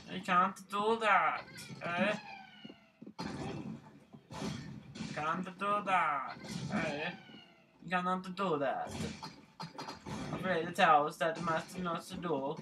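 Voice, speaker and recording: A man doing Jigsaw, slow and taunting. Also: high-pitched. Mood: menacing. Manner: slow, drawn-out, taunting delivery. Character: sinister male puppet-master killer, slow and menacing.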